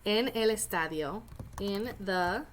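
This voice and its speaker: A woman's voice: medium pitch, takes it slowly, a little hiss or hum. A woman teacher explaining a Spanish reading step by step, with chatty joking asides. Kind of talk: recorded lesson walkthrough.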